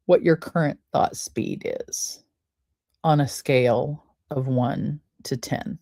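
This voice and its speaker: A woman podcast host talking listeners through a breathing exercise in a slow, soothing way, counting the breaths aloud. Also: sits low, sing-song, mellow, no echo, clean studio sound. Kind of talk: guided breathing and wellness talk.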